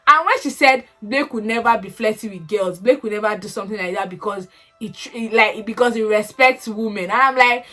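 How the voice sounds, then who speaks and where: A woman giving a casual, animated recap of a reality show, laughing and exclaiming as she talks. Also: a little high. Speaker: reality TV commentator.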